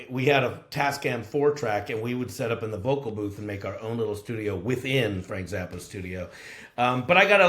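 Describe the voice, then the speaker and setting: A man from Los Angeles, a guest musician, telling rambling road stories casually and swearing freely. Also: on the low side. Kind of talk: casual storytelling. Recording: roomy echo.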